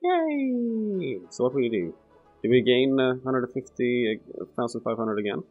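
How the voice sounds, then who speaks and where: A man's voice: mid-range voice, steady tone, brisk, phone-quality sound, faint music behind. A man thinking aloud through casual gameplay commentary, rambling and swearing now and then. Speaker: let's play gamer.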